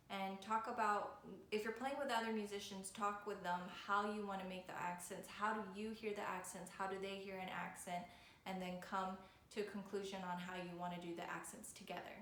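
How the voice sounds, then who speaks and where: A woman's voice: medium pitch, a bit bright. A woman violin teacher giving a patient, step-by-step video lesson. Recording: echoey room with faint noise.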